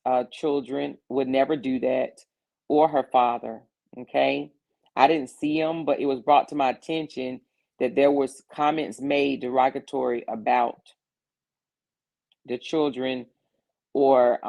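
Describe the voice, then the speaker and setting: Gravelly-voiced woman hosting a livestream. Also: very deep voice, darkish tone, highs cut off. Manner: greets viewers one by one by name; earnest and repetitive when explaining. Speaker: livestream host. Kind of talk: casual livestream chat.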